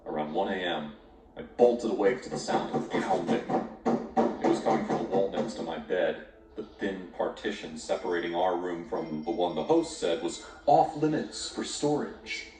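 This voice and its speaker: A man tells a scripted horror story in a very deep voice that rises and falls with dramatic swings. He lingers on the grim details. The recording is distant and roomy, with music playing behind him. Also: lively intonation, moderate pace.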